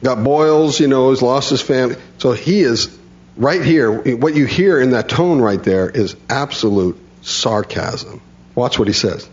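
A man's voice: medium pitch, lively intonation, measured pace. Folksy preacher man, dull lo-fi sound. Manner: folksy, chuckles often, paraphrases scripture colloquially. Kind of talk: sermon with scripture reading.

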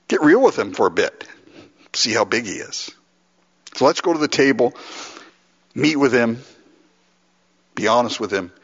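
A pastor from Los Angeles preaching with a lively, swinging delivery and a slightly husky voice. He acts out heartfelt prayers and keeps chuckling as he goes. The recording is dull and lo-fi, and a long reverb trails off in a large hall. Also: mid-range voice, normal speed, pauses often. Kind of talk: sermon.

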